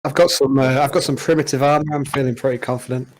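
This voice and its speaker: A man's voice: medium pitch, fairly even intonation, quick pace, slight background noise. A man playing in a tabletop role-playing game, joking and teasing the others in a mock-boastful way. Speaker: player. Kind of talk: casual chat at a game table.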